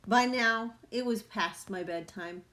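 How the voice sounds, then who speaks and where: Reading a picture book for children, a woman with a slightly high voice takes her time, giving the story an expressive, unhurried delivery.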